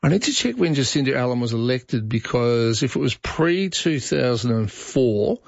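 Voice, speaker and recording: A middle-aged Australian man hosts talkback radio, chatting casually and offering his views on listener messages. His gravelly voice sits at medium pitch with big swings, at a moderate pace, through a studio microphone with no room sound. The broadcast audio is slightly dull.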